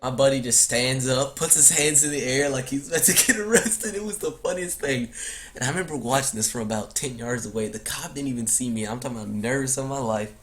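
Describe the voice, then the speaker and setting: A man's voice: fairly quick, poor audio. A teenage man telling a story casually on a podcast, acting out the people he quotes. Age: teens. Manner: animated, acts out quotes in a high crying voice.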